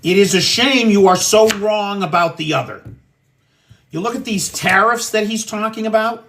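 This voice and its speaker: A man's voice: high-pitched, moderate pace, gravelly, fairly bright tone, slight background noise. An American man hosting a casual livestream from his home kitchen, cooking and talking in a blunt, profane, ranting way. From United States. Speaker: livestream host.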